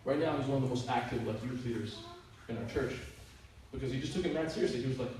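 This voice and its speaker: A man's voice: mid-range voice, fast talker. A man, a youth minister, telling stories to a youth group in a casual, chatty way with lots of filler words. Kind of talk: youth group talk, storytelling. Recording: echoey room, mic far off, faint hiss.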